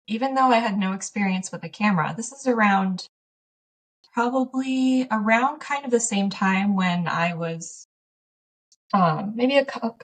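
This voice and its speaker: A woman guest on a podcast, telling stories animatedly, laughing often and acting out past conversations. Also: medium pitch. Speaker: podcast guest, small business owner. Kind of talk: casual conversational interview. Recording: slightly distant from the mic.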